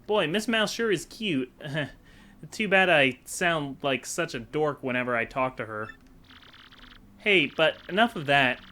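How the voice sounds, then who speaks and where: A man's voice: fairly high pitch, animated, unhurried, pushed and bright. A man voicing a shy, awkward young male turtle sidekick in an eager, slightly raised voice during a game playthrough. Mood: worried, flustered. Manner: nervous, eager, lifted inflection.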